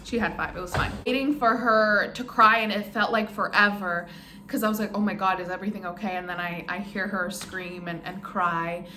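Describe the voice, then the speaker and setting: A young woman with a sharp, medium-pitched voice casually shares how she gave birth, speaking for a vlog. She rambles, dropping plenty of "um"s and "like"s. Her recording picks up roomy echo and slight background noise.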